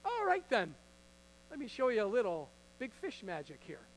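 A pastor voicing God in a playful, mock-grand way during a sermon. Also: male voice, high voice, huge pitch swings, moderate pace, long reverb tail, full character voice, rough recording. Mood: teasing.

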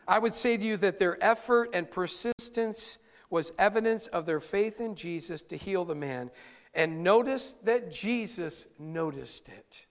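Pastor preaching, high voice, lively storytelling, big hall reverb. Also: male voice, measured pace. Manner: animated storytelling, chuckles often. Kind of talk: sermon.

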